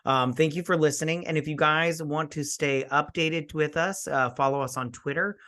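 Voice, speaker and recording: A man co-hosting a casual movie podcast, laid-back and gushing, quick to laugh. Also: fairly high pitch, steady tone, sharp tone. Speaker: podcast co-host.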